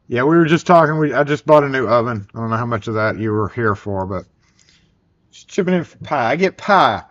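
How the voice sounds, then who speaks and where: A man's voice: mid-range voice, a bit bright. A man with a Southern US accent hosting a casual live stream, rambling and joking as he chats. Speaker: livestream host. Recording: dull lo-fi sound.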